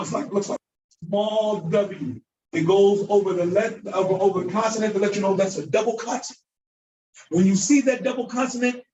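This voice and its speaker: Animated male teacher in an echoey room. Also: high-pitched, far from the mic, a little hiss or hum. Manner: animated, acts out mispronunciations, repeats words for drilling. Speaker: Arabic teacher. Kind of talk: classroom lecture.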